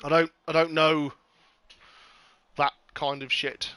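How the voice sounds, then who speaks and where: A man commentating a sim race on a casual live stream, excitable, sweary and jokey. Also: a little high, slow pace, clear, resonant tone, no echo.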